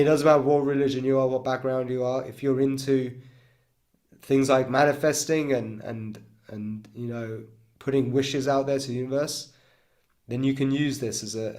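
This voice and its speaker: A man leading a guided breathwork class, calmly explaining and demonstrating chanted tones, checking in often with his listeners. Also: medium pitch. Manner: calm coaching with frequent "okay?" and "right?" check-ins. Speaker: breathwork coach.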